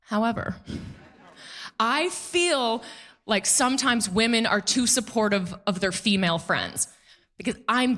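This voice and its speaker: A woman in her thirties performing a stand-up comedy set, telling stories with playful, animated delivery and mock voices. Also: medium pitch. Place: comedy club stage.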